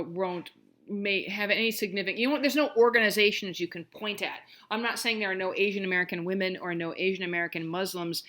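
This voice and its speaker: Chatty woman history lecturer. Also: on the low side. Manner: conversational and animated, many fillers and restarts. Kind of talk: recorded online college lecture.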